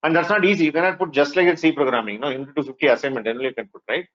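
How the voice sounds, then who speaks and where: A man with an Indian English accent giving a lively classroom lecture, often asking the students "right?" and whether they agree. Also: a little high, rapid-fire, lo-fi sound. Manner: lively, mixes in Hindi phrases. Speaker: workshop instructor.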